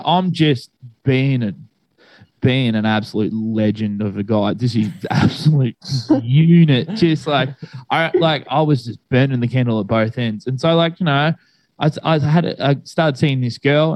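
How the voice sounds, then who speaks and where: A man's voice: fairly high pitch, darkish tone, no room sound. A young man telling a long story in casual chat, rambling and laid-back with many fillers.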